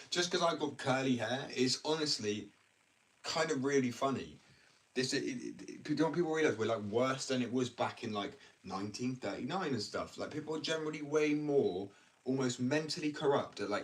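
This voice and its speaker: A man's voice: mid-range voice, expressive, normal speed. A young man from England ranting bluntly and ramblingly in a casual livestream, full of slang. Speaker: live streamer. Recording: distant mic with faint background noise.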